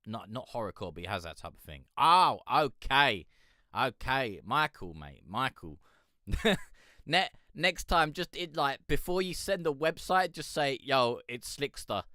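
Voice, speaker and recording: Bright, crisp-voiced man hosting a stream. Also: mid-range voice, moderate pace, no echo, studio quality. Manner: rambling, swearing, laughing, answering chat. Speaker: music review stream host. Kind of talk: casual live-stream chat.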